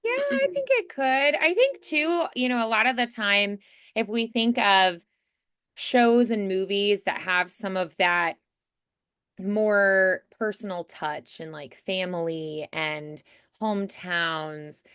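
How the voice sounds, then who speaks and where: A woman's voice: mid-range voice, slow pace, a bit bright, smooth, no room sound, clean studio sound. A woman coaching a voiceover student in an encouraging, chatty way with many fillers. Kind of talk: coaching feedback, conversational.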